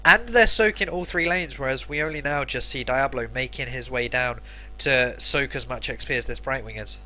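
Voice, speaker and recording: A man co-casts a live esports match and breaks down the strategy as play unfolds. His voice is very bright and sharp, sitting at a middle pitch. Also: normal speed. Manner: analytical color commentary. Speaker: esports co-caster. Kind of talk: live game commentary.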